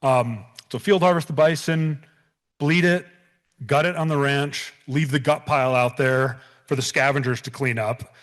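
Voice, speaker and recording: A man's voice: medium pitch, steady tone, moderate pace, a bit bright. A man in his thirties, a bison rancher giving a public talk, earnest and prone to restarts and repeated words. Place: event hall.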